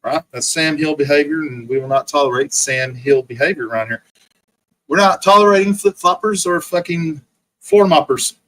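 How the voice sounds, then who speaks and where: A man's voice: on the high side, moderate pace, a bit bright, poor audio. A man ranting profanely on his livestream, mocking rivals over and over and answering chat comments. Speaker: livestream host.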